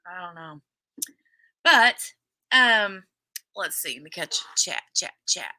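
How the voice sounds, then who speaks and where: A woman's voice: on the low side, big pitch swings, slow pace, sharp tone. A woman hosting a casual livestream, chatty and laughing often as she greets viewers by name and recaps a TV episode. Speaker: livestream host.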